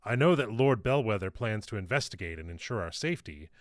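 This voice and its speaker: A man's voice: lowish voice, lively intonation, brisk, no room sound, clean studio sound, close to an everyday voice. A man voicing a young woman mage, polite and speaking up to be heard.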